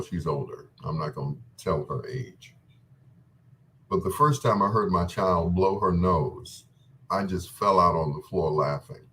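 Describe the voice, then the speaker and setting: A middle-aged man hosting a late-night love-song radio show, smooth and joking as he chats between songs. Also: deep voice, fairly bright tone, slight background noise. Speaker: radio DJ and host.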